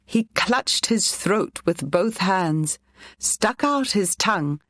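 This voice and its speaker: A woman narrating a children's storybook in a clear, even reading voice. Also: mid-range voice, slow pace, no echo, clean studio sound.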